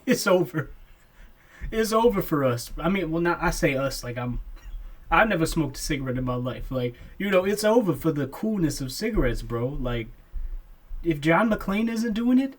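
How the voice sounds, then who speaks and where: Young man, podcast co-host, casual banter, says bro a lot, husky tone. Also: a little high, expressive, moderate pace. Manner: laid-back, laughs often, says "bro" a lot. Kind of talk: casual chat.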